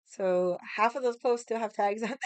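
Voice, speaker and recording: A woman with a raspy voice from losing it, telling a casual story with lots of fillers, acted quotes and loud laughs. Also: on the high side, normal speed, no room sound. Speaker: vlogger.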